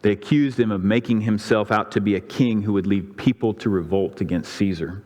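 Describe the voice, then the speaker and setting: A man's voice: a little fast, a little mellow. A man preaching a sermon, retelling the scripture story with dramatic flair and voicing the crowds. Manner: dramatic storytelling, voicing the crowds' and priests' lines with rising pitch. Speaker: pastor. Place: church sanctuary. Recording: long reverb of a church hall.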